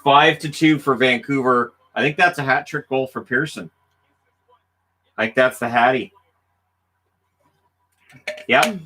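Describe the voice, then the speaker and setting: A man's voice: medium pitch, a little slow, pauses often, pushed and bright. A middle-aged man hosting a casual livestream, talking in an easygoing, rambling way with frequent ums while playing a hockey video game. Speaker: livestream host.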